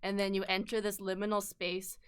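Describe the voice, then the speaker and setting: Bright, clear-voiced woman streamer chatting. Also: medium pitch, flat delivery, fairly quick. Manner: rambling, self-deprecating, swears casually. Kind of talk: casual live-stream chat while drawing.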